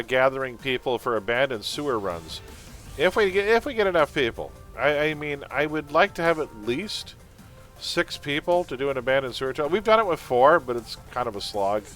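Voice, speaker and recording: A man's voice: medium pitch, fairly bright tone. Chatty opinionated male game streamer. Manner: rambling, opinionated, keeps addressing viewers as folks. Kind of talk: casual gaming stream chat.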